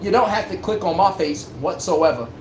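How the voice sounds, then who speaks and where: This man's voice is high and expressive, moving at a normal speed. Brash and full of jokes, he hosts a sports talk livestream for his chat, dropping slang and erupting into sudden hype. There's roomy echo plus a faint background hum.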